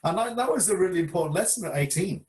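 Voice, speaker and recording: A man's voice: sits high, expressive, quick pace, darkish tone. A man from England, a karate instructor, telling a story over a beer in a reflective, hesitant way with repeated words. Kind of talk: casual chat over a beer.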